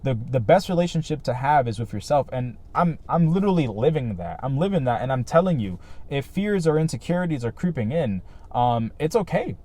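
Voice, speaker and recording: A man's voice: medium pitch, big pitch swings, brisk, few pauses, mellow. A man talking casually to his viewers in a vlog, earnest and rambling, with many fillers and "right?" tags. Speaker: vlogger. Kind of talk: casual reflective talk to camera.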